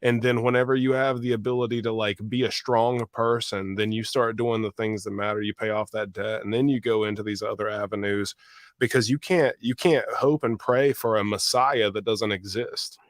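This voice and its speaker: A man's voice: lowish voice, fairly even intonation, normal speed, no room sound, clean studio sound. A man talking on a casual podcast, emphatic and opinionated with a sardonic edge.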